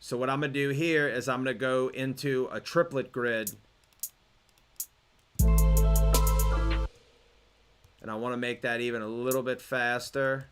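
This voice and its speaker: A young man teaches beat making in a relaxed screen tutorial. His voice is smooth and clear at an ordinary middle pitch, and he talks it through loosely, restarting phrases and filling pauses with "um". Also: soft background music. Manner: relaxed, explanatory, with fillers and restarts. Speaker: music production instructor.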